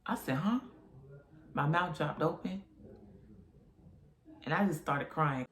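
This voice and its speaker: A woman's voice: low voice, measured pace. Young woman telling a story in a roomy echo. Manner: animated retelling with quoted voices. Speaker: vlogger. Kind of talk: casual storytime.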